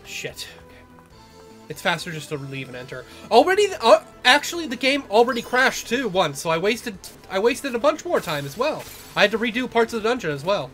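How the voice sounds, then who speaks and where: A man's voice: high-pitched, animated, fairly quick, a bit bright. A young man casually rambling through let's-play commentary, self-deprecating and swearing often. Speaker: gamer. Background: game music.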